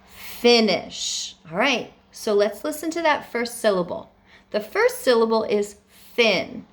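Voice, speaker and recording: First grade teacher lady, slow and sing-songy, voice bouncing all over, super encouraging. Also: on the high side, sing-song. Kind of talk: remote phonics lesson for young children.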